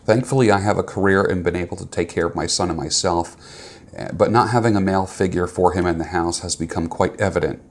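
A man on a YouTube video, talking to camera and earnestly reading a viewer's letter aloud. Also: deep voice.

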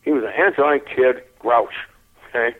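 An older man telling a lively anecdote in an interview, chuckling often and repeating his words as he goes. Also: medium pitch, moderate pace. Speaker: interview guest. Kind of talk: anecdotal storytelling. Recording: tinny phone-like line.

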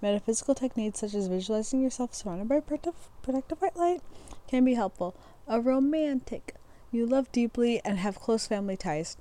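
A woman's voice: on the high side, brisk, mellow. A young woman hosting a podcast, reading astrology descriptions aloud in a loose, casual way, stumbling over words, restarting lines and laughing at herself. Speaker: podcast host.

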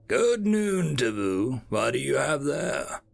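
A man's voice: medium pitch, sing-song, slow pace, gravelly, faint music behind, exaggerated voice. A man voicing a towering red bird-like male alien commander with a brusque, commanding manner. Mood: imperious.

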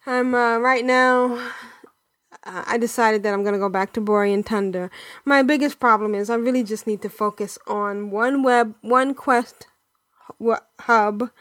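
A woman co-hosting a casual gaming podcast, chatty and quick to laugh between her remarks. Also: a little high, fairly bright tone, no room sound. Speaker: podcast co-host.

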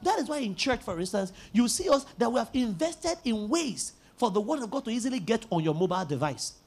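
A man with a very high, husky voice preaches a sermon. He swings his pitch up and down as he drives points home, repeating key words and breaking into shouts. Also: very animated, a little fast. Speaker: pastor.

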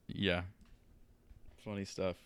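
Low-voiced man laughing through a show recap. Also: level tone, slow pace, fairly bright tone, smooth. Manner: laughs often, quotes scenes with lots of "like". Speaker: podcast co-host. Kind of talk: casual chat.

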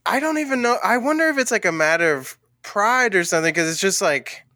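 A man's voice: high-pitched, animated, a little fast, bright, forceful tone, no echo, studio quality. A man co-hosting a movie podcast in casual chat, rambling and laughing often. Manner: giggly, rambling, laughs a lot. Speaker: podcast co-host.

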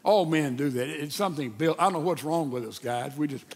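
Older male pastor, folksy sermon delivery, high voice, long hall reverb. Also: fairly quick, vocal fry. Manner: folksy and animated, with stammered restarts.

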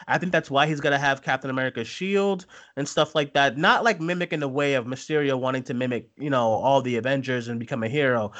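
A man with a slightly raised speaking voice hosts a casual chat show. He talks excitedly, trips over his words and restarts, and drops the odd swear. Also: a little high. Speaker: podcast host.

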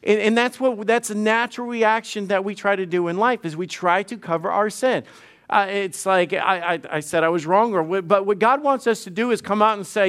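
Man, pastor, sermon, smooth clear voice, slightly raised pitch, repeats himself. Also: fairly quick, a bit bright. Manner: conversational, repeats words, acts out quoted dialogue.

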